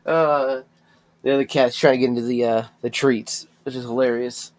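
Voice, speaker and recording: A man's voice: medium pitch, fairly even intonation, normal speed. A man streaming a game live, chatting casually with his viewers, swearing freely and cooing to his cats.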